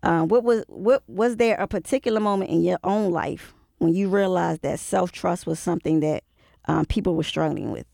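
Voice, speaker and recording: Gravelly Baltimore man hosting, dry sound. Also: sits high, moderate pace, darkish tone, no echo. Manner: casual, loose grammar, repeats himself, laughs easily. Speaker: interview host. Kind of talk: casual podcast interview.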